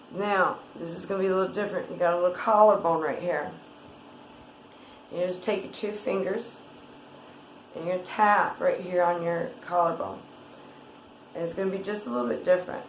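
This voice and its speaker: A woman guiding a tapping exercise in a gentle, rambling way, with many fillers and restarts. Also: fairly low pitch, normal speed, pauses often, echoey room, a little hiss or hum, low-quality recording. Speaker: wellness guide.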